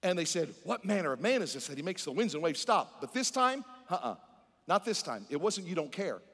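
High-pitched guy preaching to his church, throws questions at the crowd, big echoey hall. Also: sing-song, brisk. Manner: preaching with call-and-response to the congregation; swings between loud emphatic lines and low, hushed ones. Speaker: pastor. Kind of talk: sermon. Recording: long reverb of a large hall.

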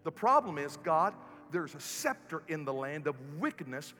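High, bright-voiced pastor preaching in a hall. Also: male voice, sing-song, moderate pace. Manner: builds to loud preaching peaks, then drops low and soft. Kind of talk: sermon. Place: church sanctuary. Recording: long hall reverb, faint music.

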